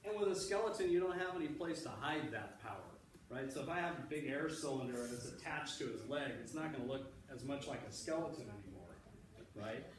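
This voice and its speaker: A man's voice: medium pitch, animated, fairly quick, background noise. A male electrical engineer, a guest speaker, patiently explaining things to a class of children in an easygoing way, with many fillers and restarts. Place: school library. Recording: echoey room heard from a distance.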